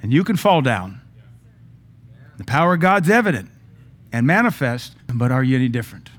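A man preaching to his church congregation. His pitch sits at an ordinary middle level, and his delivery is conversational, with emphatic rises and self-deprecating asides along the way. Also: big pitch swings, moderate pace. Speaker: pastor. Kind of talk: sermon. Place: church sanctuary.

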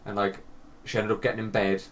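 A young man co-hosting a podcast tells stories animatedly in casual chat, swearing and laughing often. His voice is lowish and a bit bright, fast, with little pitch movement. He sounds somewhat distant from the mic, and there's faint hiss.

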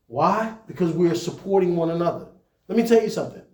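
A man's voice: high-pitched, lively intonation, quick pace, a little mellow, roomy sound. A man preaching to church leaders in a conversational style, climbing to emphatic peaks. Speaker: pastor.

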